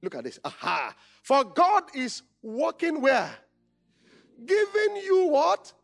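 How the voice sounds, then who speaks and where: A man's voice: very high-pitched, wildly swooping pitch, slow, creaky, soft background music. A Nigerian male pastor preaching a conference sermon, calling out questions for the congregation to answer. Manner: call-and-response, shouting questions.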